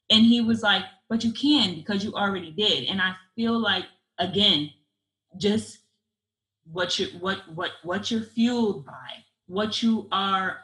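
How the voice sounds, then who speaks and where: A woman's voice: mid-range voice, pushed and bright. A young adult woman talking earnestly in casual conversation, rambling with many restarts and fillers. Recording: echoey room.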